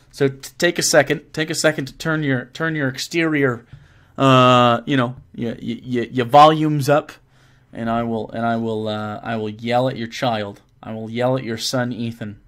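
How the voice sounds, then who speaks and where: A man's voice: mid-range voice, a bit bright. A man hosting a casual live stream, reading viewer messages aloud and joking around with lots of swearing and restarts.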